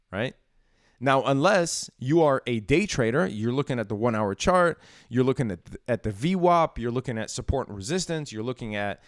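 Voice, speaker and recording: A man's voice: mid-range voice, dry recording, studio quality. A man hosting a live-stream on the stock market, talking in an emphatic, casual way and often tossing in "dude" and "right?". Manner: emphatic, chatty, says "dude" and "right?" a lot.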